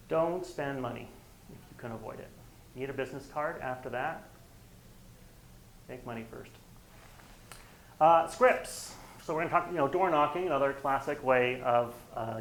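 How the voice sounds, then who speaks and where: A man with a gravelly, fry-tinged voice runs a real estate workshop in a training room. He teaches in a loose, conversational way and slips into acted dialogue to make his points. His voice sits at an ordinary middle pitch. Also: a little hiss or hum, rough recording. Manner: conversational, acts out quoted dialogue. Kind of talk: workshop lecture.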